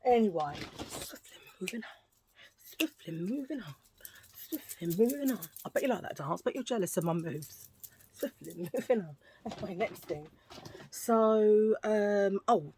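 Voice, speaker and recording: A woman's voice: medium pitch, darkish tone, slight background noise. A middle-aged woman, chatting in a rambling, jokey way to her viewers about her shopping finds. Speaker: vlogger. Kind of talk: casual haul vlog chat.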